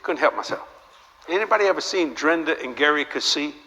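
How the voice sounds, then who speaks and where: Older guy preaching, animated storyteller, long reverb w/ a bit of hiss in the hall. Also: on the high side, fairly quick. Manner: animated, joking storytelling with repeated rhetorical questions. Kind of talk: sermon. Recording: long hall reverb, faint background noise.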